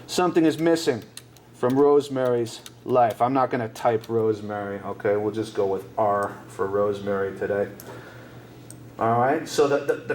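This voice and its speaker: In an echoey room, captured by a distant mic with a little hiss or hum, a medium-pitched man teaches an English class. He explains song lyrics repetitively and checks in with rhetorical questions.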